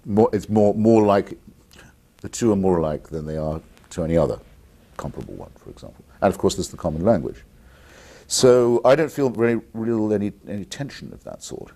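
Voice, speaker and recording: An English man, an author who is the guest on a call-in television interview, speaking deliberately and articulately with blunt opinions. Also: lowish voice, expressive, dark tone. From England.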